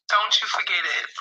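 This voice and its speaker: A woman's voice: fairly low pitch, background noise. A woman singer speaking casually and heartfelt to her fans, emotional and swearing freely. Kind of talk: casual direct-to-camera talk.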